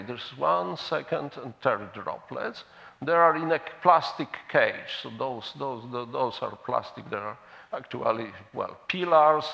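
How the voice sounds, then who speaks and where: Man, conference lecturer, gravelly voice, hesitant restarts, muffled hall recording. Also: medium pitch, sharp tone. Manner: halting, restarts words, explains slides and a video. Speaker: conference speaker. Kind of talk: scientific conference talk.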